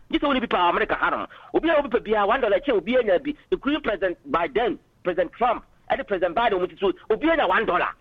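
A man's voice: sits high, slightly rough, dry recording. A man calling in to a political radio talk show, arguing passionately and switching into English phrases, heard over a dull phone line. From Ghana.

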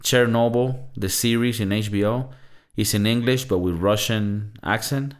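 A man with a fairly low voice holds forth in a casual movie review podcast. He jokes, swears freely and keeps things loose. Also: normal speed. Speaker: podcast co-host.

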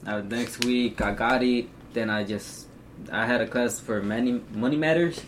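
A teenage man in casual chat, talking haltingly with lots of ums and slang. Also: mid-range voice, a little hiss or hum. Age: teens. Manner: halting, filler-heavy with slang. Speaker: co-host.

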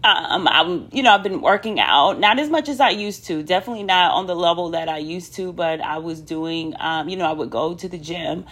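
A woman's voice: on the low side, fairly quick, hardly any pauses, a bit bright. A woman talking candidly to viewers in a casual personal vlog, chatty, with many ums and asides to "y'all". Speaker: vlogger.

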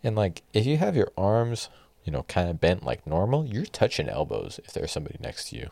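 Young man, deep low voice, solo podcast host, swearing, exasperated ranting, dry recording. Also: huge pitch swings, a little fast, gravelly, warm tone, no echo.

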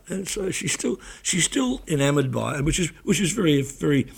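Middle-aged male guest, husky gravelly storyteller, chatty and repetitive. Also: on the high side, sing-song, brisk. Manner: anecdotal storyteller, repeats words when starting sentences. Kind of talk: casual chat.

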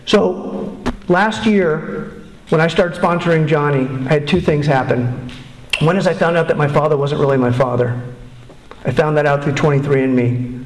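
A middle-aged man shares his personal testimony at a recovery meeting, earnest and candid, stumbling and restarting as he goes. His voice sits a little high for a man. The sound carries the echo of a roomy hall. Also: moderate pace, a little hiss or hum. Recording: echoey room.

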